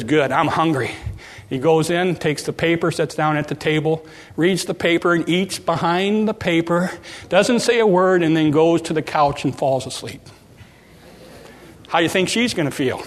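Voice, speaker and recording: A man with a high voice delivers a sermon as a pastor. He keeps a folksy, joking tone and acts out little home scenes for his congregation. The sound carries a long reverb, as in a church hall. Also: a bit bright.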